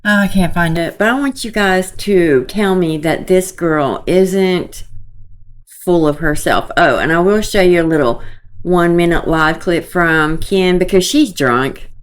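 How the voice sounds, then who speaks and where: Slow, low-voiced scornful woman vlogger. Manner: opinionated, scornful, talks to viewers as y'all. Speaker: commentary vlogger. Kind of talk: casual gossip commentary.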